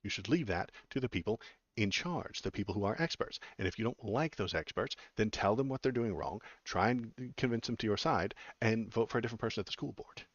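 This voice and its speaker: A man's voice: on the low side, expressive, fairly quick, no echo, muffled recording. A man in his forties from Texas hosting a political livestream, giving casual, blunt commentary on chat messages with lots of fillers and restarts.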